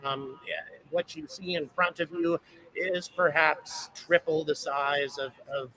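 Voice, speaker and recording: Thanking viewers and reading out their locations, a livestream host rambles casually from a launch site lookout. His voice is on the high side, steady, slow, pushed and bright, and the handheld camera's own mic yields poor audio.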